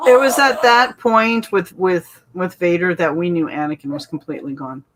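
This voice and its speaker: A woman's voice: fairly low pitch, normal speed, a bit bright. A woman co-hosting a casual fan discussion, emphatic and repeating her points for stress. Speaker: co-host.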